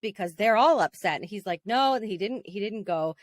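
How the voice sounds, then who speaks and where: Woman, podcast co-host, lively high voice, casual storytelling, dry close sound. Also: a little fast, no room sound. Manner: animated storytelling, laughing often. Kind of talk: casual chat.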